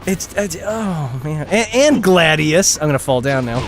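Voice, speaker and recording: Man, gameplay streamer, rambling rant, lively up-and-down voice, slightly high, game music faint behind. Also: a little slow. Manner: rambling, ranting, self-interrupting; laughs often, exaggerated complaints. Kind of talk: live gameplay commentary.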